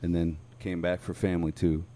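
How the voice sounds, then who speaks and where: A man, a podcast co-host and songwriter, chatting in a relaxed way with dry jokes. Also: sits low, brisk. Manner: dry, joking, laid-back. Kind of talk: casual chat.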